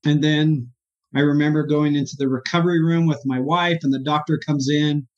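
A man with a voice pitched a bit high speaks as an interview guest, earnest and halting as he tells his story, often stumbling over his words with feeling. The recording sounds dull and lo-fi. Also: fairly even intonation. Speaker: guest, therapist.

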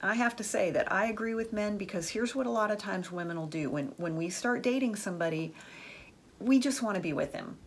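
Woman, relationship advice talk, husky breathy voice, chatty, frank. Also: medium pitch, a little fast. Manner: chatty, frank, uses "like" and "the truth is" often. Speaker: dating and relationship advice speaker. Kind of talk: casual advice monologue with stories.

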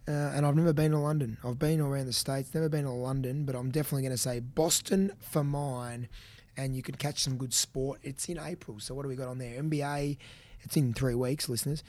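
A man's voice: mid-range voice, fairly even intonation, brisk, a little mellow, no echo. Chatty Australian man hosting a podcast. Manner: chatty and teasing. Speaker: podcast co-host. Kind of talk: casual chat.

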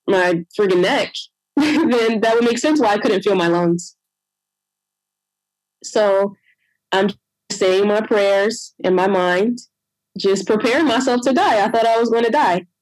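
A woman's voice: medium pitch, measured pace, darkish tone, dry recording, poor audio. A young adult woman telling her own birth story in a conversation, emotional and retelling what others said. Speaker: guest sharing a birth story.

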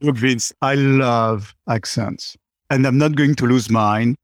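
A man's voice: mid-range voice, slow, no echo, studio quality. A middle-aged man, a chatty interview guest who fills his talk with "you know". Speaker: guest, company CEO. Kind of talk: conversational interview.

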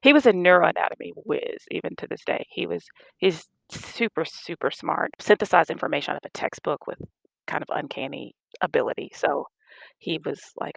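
A middle-aged woman doctor casually recounting stories in an interview, animated and laughing as she acts out dialogue. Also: on the low side, normal speed, creaky, dry recording. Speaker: guest, physician.

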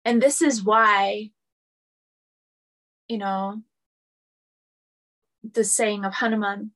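A woman's voice: mid-range voice, fairly even intonation, very slow, long pauses, fairly bright tone. A woman spiritual teacher giving a lecture, speaking earnestly and building her points through repeated phrases.

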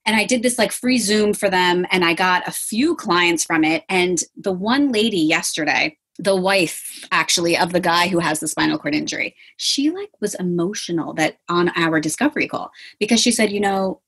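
A woman dietitian talking casually as an interview guest, animated and acting out what her clients say. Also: lowish voice, breathy edge. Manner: animated, acts out quotes of clients.

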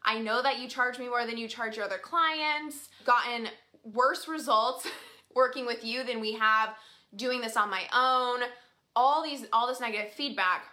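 A woman's voice: on the high side, normal speed, pushed and bright. Woman quoting a cold, condescending client. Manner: dismissive, lecturing.

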